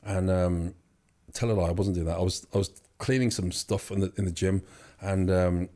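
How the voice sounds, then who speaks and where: Young man, low pitch, mellow dark tone, rambling storyteller with fillers. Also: steady tone, normal speed. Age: young adult. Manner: rambling, many fillers and restarts. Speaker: interview guest. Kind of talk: casual storytelling.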